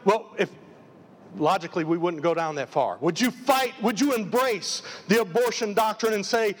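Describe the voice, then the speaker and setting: A pastor preaches a live sermon in a high voice at normal speed, speaking emphatically and firing off repeated rhetorical questions. The long reverb of a large hall fills the recording.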